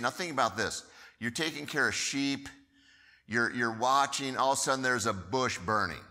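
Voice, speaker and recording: Lively male preacher with a bright edge. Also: medium pitch, normal speed, long reverb tail. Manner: animated storytelling with repeated words. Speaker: pastor. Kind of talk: sermon.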